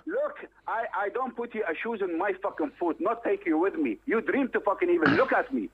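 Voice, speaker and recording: A man's voice: high-pitched, sing-song, a little fast, crowd noise. A man on the phone making angry threats in broken English, swearing at every turn. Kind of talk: heated phone argument. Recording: tinny phone line.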